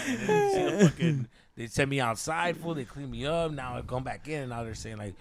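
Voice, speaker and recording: A crowd can be heard behind a male podcast host who talks briskly with few pauses at medium pitch. His casual storytelling is animated and full of swearing and Spanish slang.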